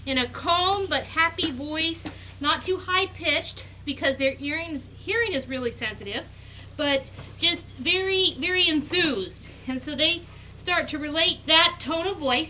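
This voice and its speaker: Brief: high, bright woman, dog breeder talking outdoors, chatty run-on explainer, faint outdoor ambience behind. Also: animated, unhurried, a little hiss or hum, poor audio. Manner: run-on explaining, slipping into high sing-song puppy talk. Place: outdoors on a cold sunny morning.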